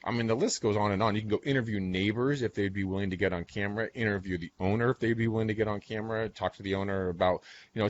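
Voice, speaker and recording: A low-voiced man co-hosts a casual podcast. He rambles and swears bluntly. The recording sounds dull and lo-fi. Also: fairly even intonation, very fast. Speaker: podcast co-host, real estate coach. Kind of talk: casual chat.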